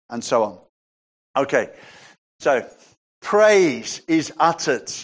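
Man, preacher, sermon, reads scripture aloud, voice climbs on key points, slightly high pitch. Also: animated, takes it slowly, a bit bright.

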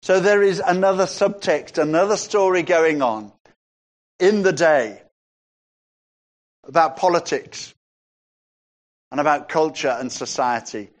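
Guy giving a sermon, fairly high voice, reads bible verses out and gets higher when he pushes a point. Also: a little slow, pauses often. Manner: reads scripture aloud, rising in pitch when stressing points. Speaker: preacher.

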